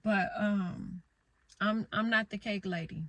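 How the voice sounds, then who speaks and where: A woman's voice: mid-range voice, fairly even intonation, slow pace, fairly bright tone, no room sound. A middle-aged woman vlogging from her parked car, telling stories in a blunt, rambling way and swearing freely. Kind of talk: casual candid storytelling.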